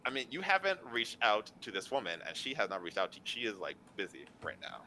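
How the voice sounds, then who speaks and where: Bright, lively man running a tabletop game. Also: fairly low pitch, quick pace, slight background noise. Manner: loose, filler-heavy narration. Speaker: game master.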